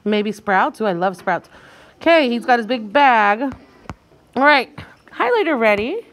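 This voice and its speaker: A woman with a high, bright voice teaches young children to read. She is animated and encouraging, slowing down to sound out each tricky word and prompting her class to read along. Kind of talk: guided reading lesson for young children.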